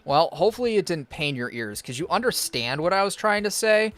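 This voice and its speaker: A man chatting casually on a game stream, rambling and self-deprecating with halting restarts. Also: high voice, big pitch swings, a bit bright, soft background music. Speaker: gaming streamer.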